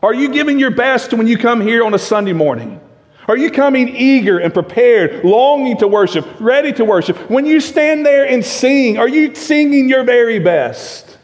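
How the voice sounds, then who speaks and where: A male pastor preaching a sermon, emphatic, full of rhetorical questions, swinging between loud and hushed. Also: very high voice, animated, normal speed. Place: church sanctuary. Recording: long reverb of a church sanctuary.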